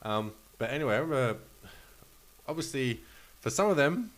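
A man's voice: mid-range voice, expressive, moderate pace, fairly bright tone. A man with an Australian accent telling gambling stories on a podcast, in a rambling, profane way with many restarts. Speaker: podcast host and storyteller. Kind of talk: casual storytelling chat.

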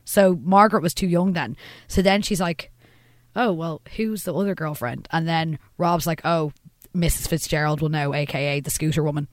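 A woman's voice: low voice, fairly even intonation, normal speed, dry recording, studio quality. A woman, co-hosting a podcast and recapping a TV episode in casual chat, acting out the characters' lines. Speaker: podcast co-host.

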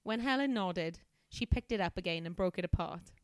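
A woman's voice: lowish voice, normal speed, dry recording. A young woman, a comedian and scientist, casually reading a novel aloud on a podcast, giggling and breaking off to comment. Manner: giggly, self-interrupting.

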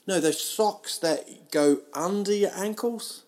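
A man hosting a solo podcast, rambling through silly tangents in a self-mocking way with sudden loud outbursts. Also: high voice, takes it slowly. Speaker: podcast host. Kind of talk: rambling solo comedy chat. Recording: home podcast mic, uneven sound.

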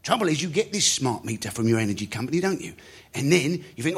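A man's voice: mid-range voice, big pitch swings, fast, slightly rough. A man hosting a comedy show, doing a chatty stand-up monologue on stage that keeps asking "isn't it?". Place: stage before a live audience.

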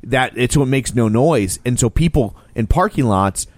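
Dry deadpan guy cohosting a podcast, dark jokes, normal pitch. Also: moderate pace, dry recording. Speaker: podcast co-host. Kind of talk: casual chat.

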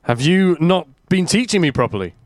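A man's voice: sits high, sing-song, normal speed, no room sound. A man who is a guest on a comedy podcast, stumbling and laughing through an improv game.

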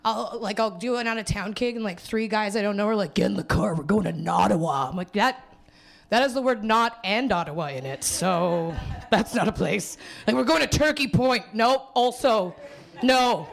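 On a small theater stage, a young woman from Winnipeg, Canada, does a stand-up set while hungover. Her slightly high, creaky voice is animated and moves at normal speed as she rambles, jokes at her own expense and laughs through the material.

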